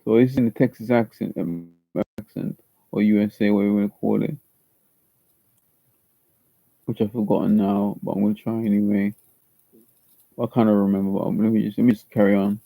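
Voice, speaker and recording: A man's voice: lowish voice, level tone, fast, creaky, no echo. A man speaking casually between audition takes, rambling and restarting his sentences. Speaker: drama applicant. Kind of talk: casual aside to camera. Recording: slightly muffled lo-fi recording.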